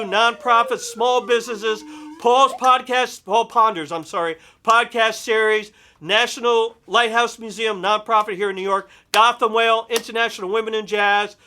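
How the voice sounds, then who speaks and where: A middle-aged man hosts his own show in a studio, chatting with eager energy. His voice sits high for a man and rings bright and forceful. He talks through thanks, plugs and friends' names in a long, animated run. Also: slight background noise. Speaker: host and vocalist. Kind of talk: casual show talk with a sung dedication.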